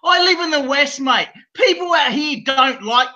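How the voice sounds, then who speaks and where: Combative Australian caller on a dull line. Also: male voice, extremely high pitch, expressive, normal speed, sharp tone. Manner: combative, says "mate" a lot. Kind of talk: argumentative phone-in.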